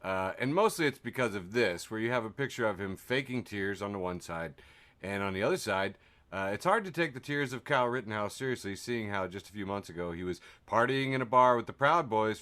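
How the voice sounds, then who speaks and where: A man hosting a casual podcast, chatting in a relaxed, wry way and laughing easily. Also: fairly low pitch. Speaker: podcast host. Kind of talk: casual chat.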